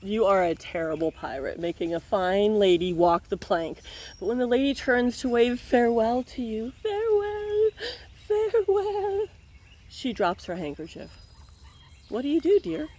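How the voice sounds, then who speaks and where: A woman's voice: medium pitch, expressive, moderate pace, a little mellow. A woman reads a picture book aloud in a mid-range voice, stopping often for wry, playful asides. Her tone is casual and joking throughout. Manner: playful, wry running commentary.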